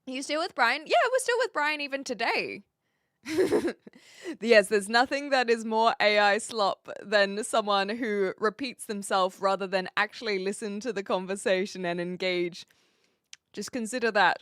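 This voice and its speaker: A woman's voice: mid-range voice, a little slow, a bit bright, no room sound, clean studio sound. A woman from New Zealand with a light Kiwi accent, chatting casually with viewers on a live stream, laughing often as she answers their messages.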